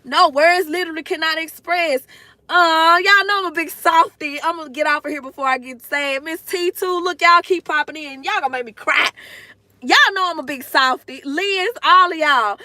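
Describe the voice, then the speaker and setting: A woman with a high, bright, forceful voice talks at a moderate pace to her livestream audience from a parked car. Gushing and nearly in tears, she addresses the chat directly in casual conversation, with no room sound.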